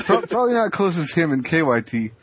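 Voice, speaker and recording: A man co-hosting a podcast, telling a rambling, animated anecdote full of restarts. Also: on the high side, normal speed. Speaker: podcast co-host. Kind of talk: casual chat, storytelling. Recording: muffled lo-fi podcast audio.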